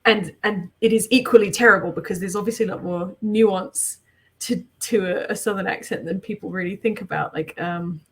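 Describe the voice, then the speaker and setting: A woman's voice: medium pitch, moderate pace, breathy edge. An English woman in casual chat on a group art stream, explaining things thoughtfully at length, with frequent ums.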